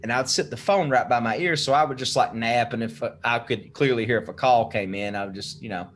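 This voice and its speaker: A man's voice: medium pitch, brisk, a bit bright, a little hiss or hum. A young man casually telling a spooky story on a podcast, swearing freely and laughing as he goes. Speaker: podcast guest.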